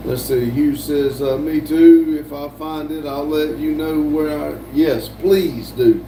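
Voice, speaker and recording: Older man, livestream host reading chat; mellow voice, echoey room. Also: fairly high pitch, fairly even intonation, measured pace. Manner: reads chat aloud with frequent fillers and restarts. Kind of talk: casual live-stream chat. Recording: echoey room, voice from a distance, faint hum.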